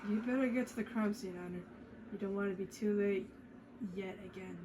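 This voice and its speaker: A woman's voice: mid-range voice, fairly quick, noisy background, lightly acted. A woman voicing a smug, needling man with a drunken slur as she reads a mystery game aloud. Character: smug tipsy-sounding man, needling host.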